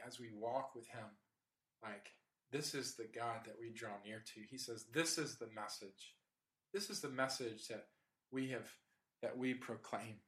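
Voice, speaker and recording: Earnest man preaching, bright and echoey. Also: mid-range voice. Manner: earnest, emphatic repetition with casual fillers. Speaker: pastor. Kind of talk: sermon.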